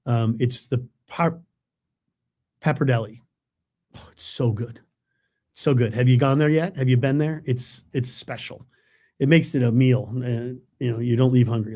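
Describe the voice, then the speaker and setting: A man's voice: medium pitch, darkish tone. A middle-aged man, a TV weatherman chatting casually on a live webcast and reading out viewer comments, rambling and self-deprecating with lots of fillers. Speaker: TV meteorologist hosting a live webcast.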